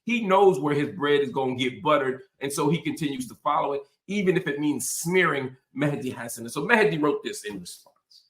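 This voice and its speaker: A man's voice: a little high, lively intonation, a little fast, few pauses, fairly bright tone, reverberant. Impassioned man, political commentary. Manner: impassioned, emphatic, repetitive rhetorical. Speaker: host.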